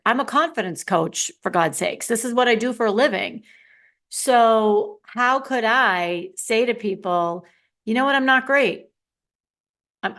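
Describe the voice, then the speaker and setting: A middle-aged woman, a confidence coach, talking candidly and playfully to her listeners in a solo podcast. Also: medium pitch.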